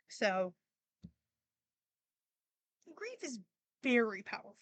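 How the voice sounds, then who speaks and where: A woman's voice: fairly high pitch, expressive, a little slow, pauses often, no echo. A young woman hosting a podcast, talking casually and emotionally with many fillers and restarts, near tears at times. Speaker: podcast host. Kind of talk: casual personal monologue.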